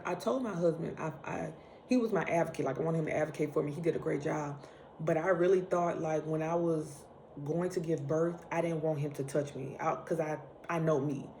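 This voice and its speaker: Low-voiced woman telling a story casually. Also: slight background noise. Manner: animated, acts out quoted lines, laughs while telling. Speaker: vlogger.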